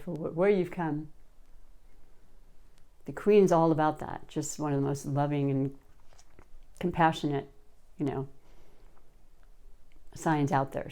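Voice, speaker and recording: Low, mellow-voiced woman reading tarot. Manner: warm-hearted, gushing, many restarts. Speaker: tarot reader.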